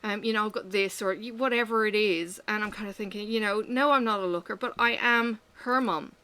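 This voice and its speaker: Middle-aged aussie woman rambling to camera while she works, bright voice, swears a lot. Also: medium pitch, a little fast, clear, resonant tone, no room sound. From Australia. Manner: rambling, candid, swears freely. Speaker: vlogger. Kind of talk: casual chat while working.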